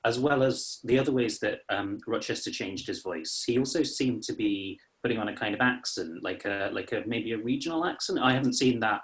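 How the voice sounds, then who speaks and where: A man's voice: fairly low pitch, fairly quick, few pauses, fairly bright tone, rough recording. A man in the audience asking a question hesitantly, searching for his words. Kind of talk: casual question.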